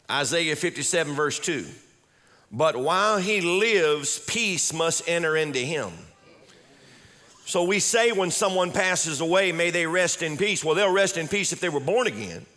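A man's voice: on the high side, bright, forceful tone. A male pastor preaching a sermon with emphatic delivery, repeating key words and calling on the congregation to respond.

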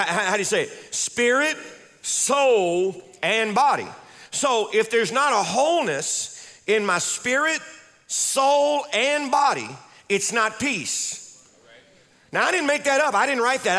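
High, bright-voiced man preaching a sermon. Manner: emphatic preaching, repeats key words, calls on the congregation. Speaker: pastor.

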